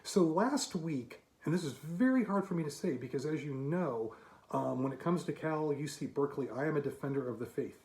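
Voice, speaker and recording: A man's voice: on the high side, animated, brisk, darkish tone, reverberant. A man in his fifties giving an emphatic, argumentative monologue to camera with rhetorical asides. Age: 50s. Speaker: commentator.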